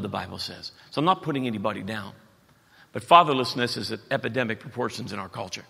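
A folksy pastor in his fifties with a lilt, telling stories and jokes from the pulpit. His voice is bright and forward, and a long church-hall reverb trails after it. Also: medium pitch, creaky. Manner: folksy, joking, animated storytelling. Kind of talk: sermon. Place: church auditorium.

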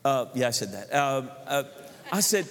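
A man's voice: medium pitch, big pitch swings, normal speed, a bit bright. A man preaching a sermon as pastor, telling stories animatedly and acting out the people he quotes. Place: church sanctuary. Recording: long reverb of a church hall.

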